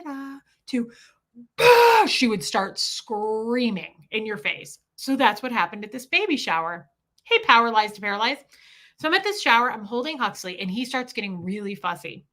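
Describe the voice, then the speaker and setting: Animated, bright-voiced woman telling stories. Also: a little high. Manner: animated, profane, acts out quoted people. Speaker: livestream host. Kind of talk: casual storytelling to a live chat.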